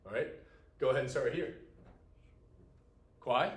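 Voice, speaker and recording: A man teaching a Latin class, talking to his students in a casual, animated way. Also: medium pitch, moderate pace, roomy sound. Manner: casual and animated, talks to students as "dude" and "y'all". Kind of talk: classroom lecture.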